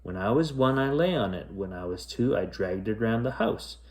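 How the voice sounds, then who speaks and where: A man doing a gentle storybook mother. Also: lowish voice, animated, normal speed, lightly acted. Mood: tender. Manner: soothing, reminiscing. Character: kind mother, firm then gentle.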